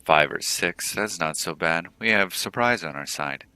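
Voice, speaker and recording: A man's voice: low-pitched, normal speed, sharp tone, smooth, no echo. A man reading aloud the lines of a blunt mercenary in a cyberpunk video game, in his own plain voice. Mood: businesslike.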